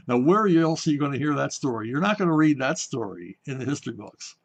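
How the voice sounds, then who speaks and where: A comic book writer from Pennsylvania, telling anecdotes in a casual talk show and briefly acting out the people in them. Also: male voice, mid-range voice, moderate pace, slightly rough. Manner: animated anecdotes, voices the people in his stories. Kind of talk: casual storytelling.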